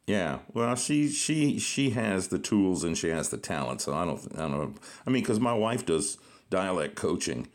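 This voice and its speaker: Lively-voiced joking male podcast host. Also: low voice, moderate pace. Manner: jokey storyteller, laughs often. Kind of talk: casual interview chat.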